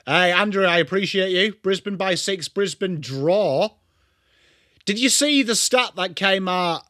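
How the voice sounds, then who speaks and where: An English man hosting a live sports watchalong stream, chatting excitedly and greeting viewers by name. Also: sits high, dry recording, studio quality. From England. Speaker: livestream host.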